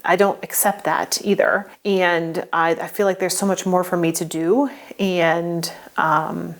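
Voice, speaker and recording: A woman in her forties talking earnestly in a personal vlog, halting and restarting often, emotional and close to tears at times. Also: lowish voice, level tone. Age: 40s. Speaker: vlogger sharing a health update. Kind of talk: personal vlog talk to camera.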